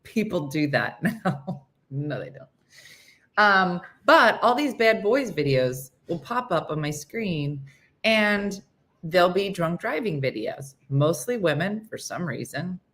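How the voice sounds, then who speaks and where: A woman's voice: fairly low pitch, very animated, slow pace, fairly bright tone. A woman hosting a casual morning chat show, rambling through stories, laughing at them and losing her train of thought.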